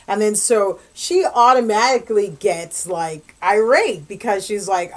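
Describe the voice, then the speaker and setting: A woman's voice: mid-range voice, measured pace, few pauses. A chatty woman walks through a novel's plot in a loose, rambling review. She talks casually, leaning on "like" and "um" as she goes. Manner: rambling, chatty, lots of fillers and "like". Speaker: book reviewer.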